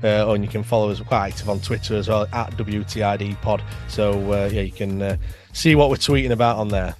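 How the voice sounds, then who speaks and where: A man's voice: lowish voice, fairly even intonation, fairly quick, faint music behind. A man, a football fan podcaster, chatting casually and upbeat as a guest, talking in long rambling runs. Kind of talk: casual interview chat.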